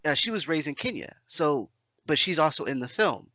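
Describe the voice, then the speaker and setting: A man's voice: on the high side, animated, moderate pace, bright, forceful tone, no echo. A man co-hosting a casual podcast, hesitant and apologetic, with many fillers. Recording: dry close sound.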